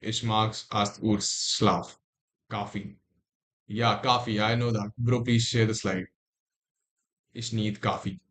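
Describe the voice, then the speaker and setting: A man's voice: on the low side, flat delivery, takes it slowly, a bit bright. A young man with an Indian English accent on a casual livestream, reading text aloud and breaking off into muttered asides and restarts.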